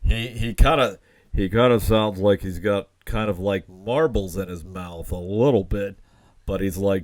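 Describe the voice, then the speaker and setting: A man's voice: lowish voice, unhurried, no echo. A man on a casual podcast, describing things in a laid-back way. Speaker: podcast co-host. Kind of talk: casual chat.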